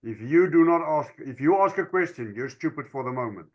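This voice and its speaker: A man, taking part in a casual group call, talking in a halting, playful way. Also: a little high, lively intonation, dull audio. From South Africa. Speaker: call participant.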